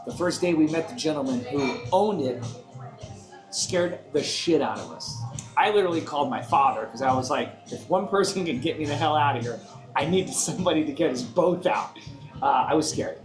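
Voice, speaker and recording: A man in his forties tells a travel story in a slightly high voice, earnest and casual. He is in an echoey room with clear music underneath. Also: expressive, moderate pace. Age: 40s. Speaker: travel vlogger. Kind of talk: casual chat.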